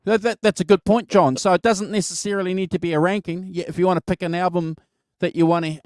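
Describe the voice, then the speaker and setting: A man hosting a live music chat show, halting and repeating words in a friendly way. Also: high voice, steady tone, a little mellow, dry recording, studio quality. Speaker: host. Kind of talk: casual live-stream chat.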